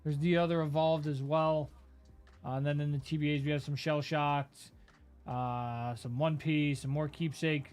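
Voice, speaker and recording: A man's voice: a little high, steady tone, moderate pace, darkish tone, clean tone, faint music behind. A man hosting a live card-break stream, rambling through a list of items with lots of fillers. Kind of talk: casual live-stream commentary.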